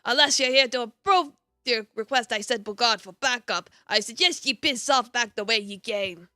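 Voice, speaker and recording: A cranky old crone of an office boss, put on by a woman reading a game aloud, all gruff and scolding. The voice sits fairly high and bright, recorded dry and close with faint music under it. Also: moderate pace, no room sound. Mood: irritated. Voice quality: gruff put-on Irish-style hag voice. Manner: curt, scolding, exasperated.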